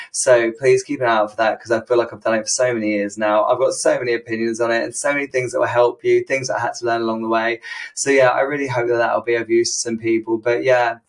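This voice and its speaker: Chatty podcast host man. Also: mid-range voice. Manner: chatty, laughing, swears casually. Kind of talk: casual podcast chat.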